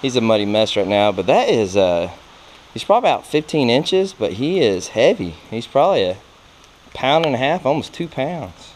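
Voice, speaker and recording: A man, filming himself fishing for bass and exclaiming at each catch. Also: normal speed. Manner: excitable, exclaims often, laughs a lot. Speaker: fishing vlogger. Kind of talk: excited outdoor commentary. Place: outdoors by a creek under a bridge. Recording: noisy outdoor camera audio.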